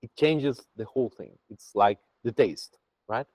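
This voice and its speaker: A man's voice: fairly low pitch, measured pace, husky, dry recording, rough recording. A man teaching a Buddhist practice to a group over a video call, chatty and full of restarts. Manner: lively, chatty, with many restarts.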